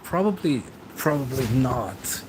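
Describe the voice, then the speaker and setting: Young male streamer, mid-pitched, rambling chat replies, faint vehicle hum behind. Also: animated, takes it slowly. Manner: rambling, reads and answers chat, chuckles often. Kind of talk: casual late-night stream chat.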